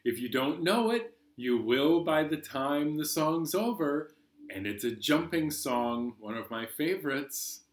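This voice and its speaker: A man leading a children's library storytime, talking gently and singing simple songs with a banjo. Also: fairly high pitch, expressive, unhurried, echoey room, slight background noise.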